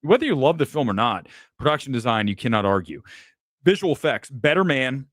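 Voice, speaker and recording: A man hosts a live movie review stream and rattles off award picks in clipped fragments. He is blunt and opinionated and slides into profane, mocking rants. His voice sits at a middling pitch and sounds close and dry, with no room around it. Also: sing-song, a bit bright, no echo. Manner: talks in quick fragmented lists. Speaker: movie review show host.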